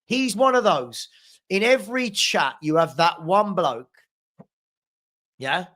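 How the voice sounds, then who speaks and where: Young guy hosting a footy watchalong, high-ish voice, jokey and sarcastic with his chat. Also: big pitch swings, takes it slowly, a bit bright. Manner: sarcastic, bantering with live chat. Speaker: fan channel host. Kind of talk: live football watchalong chat.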